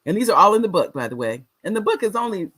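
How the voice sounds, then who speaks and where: A woman's voice: medium pitch, sing-song, fast, fairly bright tone, breathy edge. A woman talk show host and author, teaching viewers how to say no and repeating key phrases for emphasis.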